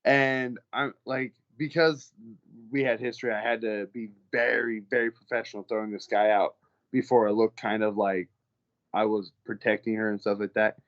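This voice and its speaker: A man's voice: lowish voice, level tone, moderate pace, dull audio. A male professional fighter being interviewed, telling stories in a loose, profane, casual way. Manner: loose, profane, acts out the people in his stories. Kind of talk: casual storytelling.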